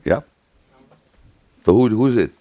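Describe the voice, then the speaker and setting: Low-voiced man, dry close sound, emphatic, repeats his questions, middle-aged. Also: animated, measured pace, dark tone, dry recording, dull audio. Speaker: speaker at youth session. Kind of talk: interactive talk with scripture reading.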